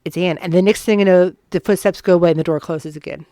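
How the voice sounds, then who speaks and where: A woman's voice: lowish voice, fairly even intonation, fast talker, mellow, dry recording, clean studio sound. A woman co-hosting a ghost story podcast, telling a haunting tale in a casual, earnest way. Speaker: podcast co-host.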